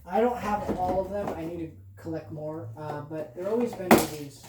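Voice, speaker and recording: A young adult movie vlogger talks to camera in a rambling, halting way, often trailing off and starting over. The tone is earnest and heartfelt, at a middling pitch, with faint background noise in the room. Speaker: film vlogger. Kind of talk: casual movie talk to camera.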